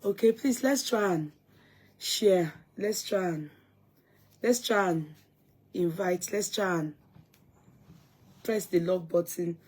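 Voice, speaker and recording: A woman's voice: on the low side, takes it slowly, long pauses, a little mellow, slightly rough. A woman from Gambia, chatting casually to viewers on a live stream and greeting them by name.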